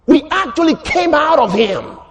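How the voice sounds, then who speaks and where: A man preaching a sermon, emphatic and repetitive, rising to shouts. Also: extremely high pitch, big pitch swings, moderate pace.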